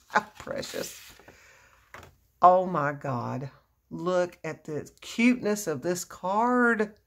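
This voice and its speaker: Slow, low-voiced woman gushing. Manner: gushing, effusive exclamations, frequent laughs. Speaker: crafting vlogger opening happy mail. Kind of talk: casual unboxing chat.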